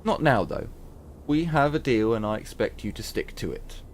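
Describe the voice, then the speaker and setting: A man's voice: mid-range voice, expressive, normal speed, slight background noise, lightly acted. A man voicing a shrewd woman trading mushrooms, reading game dialogue aloud in a slightly raised voice. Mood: wry.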